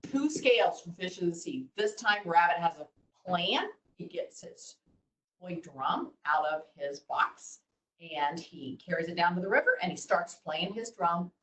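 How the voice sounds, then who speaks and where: Animated woman telling kids a story. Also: fairly low pitch, measured pace. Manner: animated, asks the kids questions. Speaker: children's storyteller. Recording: roomy, distant mic.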